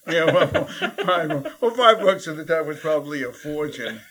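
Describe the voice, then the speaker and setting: Animated New man telling a story. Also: on the high side, a little slow, a little hiss or hum, poor audio. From New York City. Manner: animated and chatty, many fillers and laughs. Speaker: interview guest. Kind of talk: storytelling in a conversation.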